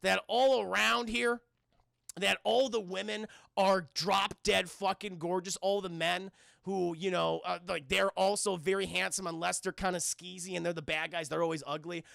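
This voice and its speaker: A man's voice: high-pitched, fairly even intonation, moderate pace, vocal fry, fairly bright tone, dry recording, clean studio sound, full character voice. A man voicing an insistent, exasperated twelve-year-old boy while retelling a film.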